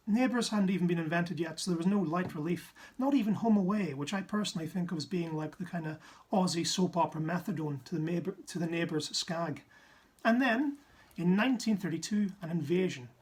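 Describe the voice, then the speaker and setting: Husky Irish-raised comic science storyteller. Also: male voice. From Ireland. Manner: jokey, with sudden asides and pitch jumps for effect. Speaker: science comedian.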